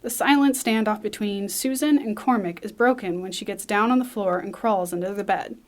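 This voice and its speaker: A woman reading a screenplay aloud, brisk, with small slips and restarts. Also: mid-range voice. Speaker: script reader.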